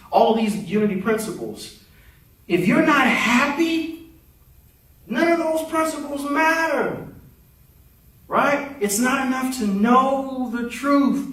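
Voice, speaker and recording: A male minister gives a talkative, playful conversational sermon in a church sanctuary, leading the congregation in call-and-response. His voice is high and fairly bright, heard from afar through a distant mic in the echoey space.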